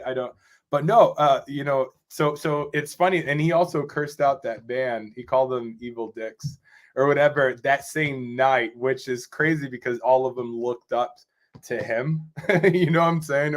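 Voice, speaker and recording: A man from Rochester, New York, a drummer guesting on a podcast, telling a story in a rambling, animated way and often asking "you know what I'm saying". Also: medium pitch. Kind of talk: casual storytelling interview.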